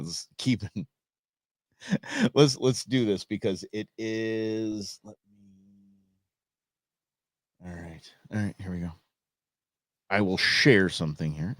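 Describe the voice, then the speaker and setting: A man's voice: lowish voice, fairly bright tone, no room sound, studio quality. A man hosting a live political commentary stream, reacting to clips with sarcastic, mocking asides and frequent laughter.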